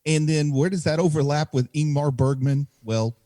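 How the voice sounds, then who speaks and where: A man co-hosting a movie podcast in casual chat, telling stories with lively acted-out quotes on a close mic. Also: a little high, normal speed, no echo. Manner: animated storytelling, acts out quoted dialogue. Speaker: podcast co-host.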